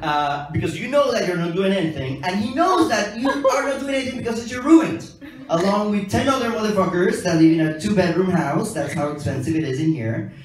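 A man's voice: sits high, brisk. A young man doing a stand-up comedy set, telling stories with sarcastic asides on a theater stage with the audience laughing. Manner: animated storytelling with sarcastic asides. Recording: roomy hall recorded from a distance.

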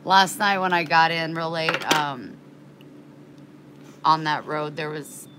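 A woman's voice: sits low, takes it slowly, background noise. A woman chatting in a casual vlog, rambling and frank, getting worked up and indignant, with casual swearing. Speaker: vlogger.

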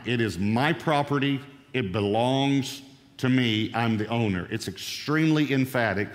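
A male preacher teaching through a Bible passage, explanatory and emphatic on key phrases, played as a sermon clip. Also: mid-range voice. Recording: sermon clip with long hall reverb.

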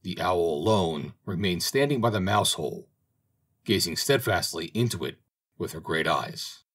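A man reading a fairy tale aloud as an audiobook narrator, in an expressive, dramatic way. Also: low voice, moderate pace. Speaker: audiobook reader. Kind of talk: storybook narration.

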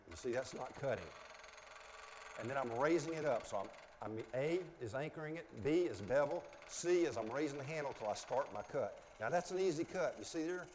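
A man's voice: mid-range voice, lively intonation, normal speed, a little mellow. An older man with a northwest Florida accent, giving a live woodturning demonstration in a folksy, step-by-step way. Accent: northwest Florida Southern. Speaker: woodturning instructor. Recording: echoey hall with faint noise.

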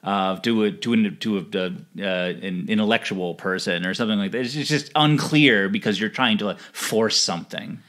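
Low-ish guy cohost, casual, kinda halting, says words twice. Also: a bit bright. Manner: halting, repeats words while thinking. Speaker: podcast co-host. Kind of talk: casual chat.

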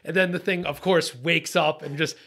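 A middle-aged man with a slightly high voice tells a fishing story as a podcast guest. He talks like a boat captain, swears freely and acts out his own lines from the day. The telling is tense and excited, broken up by laughs. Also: normal speed, creaky, a little hiss or hum. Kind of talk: animated storytelling in casual chat.

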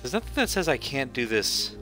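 A man's voice: mid-range voice, sing-song, a little fast, pushed and bright, soft background music. A man streaming a video game, chatting casually and joking at the characters as he plays. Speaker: gaming streamer. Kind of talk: casual let's-play commentary.

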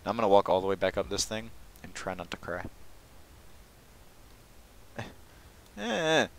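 A man's voice: low-pitched, steady tone, normal speed, slight background noise, rough recording. A young man giving casual, sarcastic commentary while playing a shooter game, often exasperated and mocking himself. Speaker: gaming commentator.

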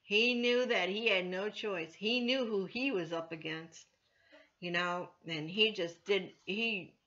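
A woman's voice: mid-range voice, slow pace, pushed and bright. A woman church elder teaching from the Bible in an informal, earnest way, full of "you know" fillers. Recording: dull lo-fi recording.

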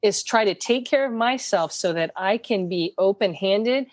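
Brief: middle-aged woman, earnest storyteller, dry booth sound, mid pitch. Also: animated, moderate pace, dry recording. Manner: earnest storyteller acting out quoted lines. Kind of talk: conversational faith podcast.

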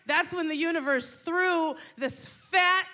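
Bubbly high-voiced woman in her forties. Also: slow, bright, forceful tone. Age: 40s. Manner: bubbly, chatty, teasing the crowd. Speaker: stand-up comedian. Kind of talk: stand-up comedy. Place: stage in a live comedy venue.

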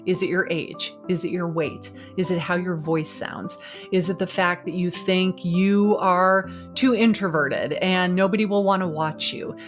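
A woman in her fifties who coaches video marketing gives a motivational talk straight to camera. Her lowish voice is energetic, emphatic, and encouraging.

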